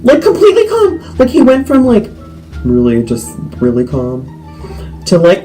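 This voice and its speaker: A teenage boy telling a story to the camera in a rambling way, full of "like" and quick asides. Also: high voice, faint music behind, rough recording. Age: teens. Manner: rambling with many likes, animated retelling. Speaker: vlogger.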